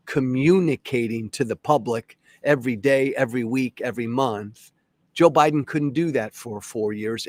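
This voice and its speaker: A man's voice: medium pitch, darkish tone, dry recording. Angry man ranting on his podcast. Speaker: podcast host. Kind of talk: solo opinion monologue.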